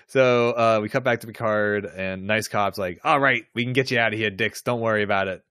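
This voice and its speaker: A man's voice: fairly low pitch, moderate pace, sharp tone, clean tone, no room sound, studio quality. A man co-hosting a podcast, recapping an episode in a laid-back casual chat. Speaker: podcast co-host.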